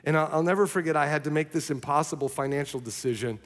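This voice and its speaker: A young adult male pastor preaching a sermon, telling a personal story in an earnest, animated way. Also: a little high, quick pace. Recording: long reverb of a large hall.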